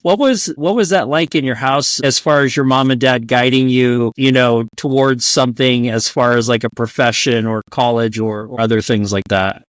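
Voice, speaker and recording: A man's voice: medium pitch, steady tone, normal speed, few pauses, no room sound, studio quality. A man hosting a podcast, asking questions in an easy, laid-back way. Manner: laid-back, gives short backchannel replies. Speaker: podcast host. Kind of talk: interview questions.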